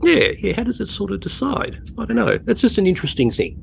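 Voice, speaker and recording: A man with an Australian accent, co-hosting a podcast in a jokey, animated casual chat. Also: high voice, fast, creaky, a little hiss or hum. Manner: jokey, animated, breaks into silly voices. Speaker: podcast co-host.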